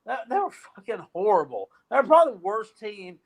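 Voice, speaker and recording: A man's voice: high-pitched, sing-song, a little fast. A man hosting a casual sports rant, profane and rambling, with frequent restarts and trailing thoughts. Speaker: podcast host.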